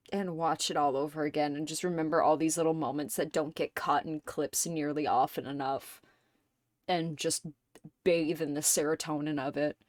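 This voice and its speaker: Slow-talking woman streamer, dry close mic. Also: sits low, no echo. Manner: rambling, excitable, swears a lot. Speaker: livestream host. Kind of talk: casual stream chat. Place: home streaming setup.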